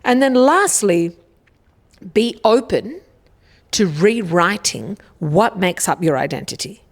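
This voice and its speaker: A woman's voice: mid-range voice, expressive, slow. A woman hosting a solo self-help podcast, casual and blunt, swearing freely and often checking in with "okay?". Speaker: podcast host.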